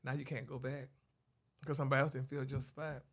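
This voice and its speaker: Sassy, bright-voiced man talking about radio. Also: mid-range voice, fairly quick. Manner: sassy, animated, calls everyone honey. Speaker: radio personality guest. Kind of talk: casual interview chat.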